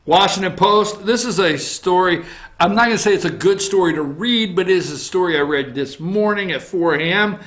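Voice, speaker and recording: A man's voice: sits high, moderate pace, fairly bright tone. A man hosting a casual opinion talk show from his office, reading through news items with a wry, teasing manner. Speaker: host.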